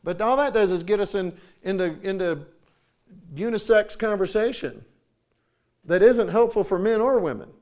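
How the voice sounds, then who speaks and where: A man's voice: high voice, animated, moderate pace, a little mellow. A middle-aged man preaching at a church conference, telling folksy stories and acting out voices. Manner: folksy, acts out voices in anecdotes. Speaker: conference speaker. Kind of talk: sermon with storytelling. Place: church sanctuary.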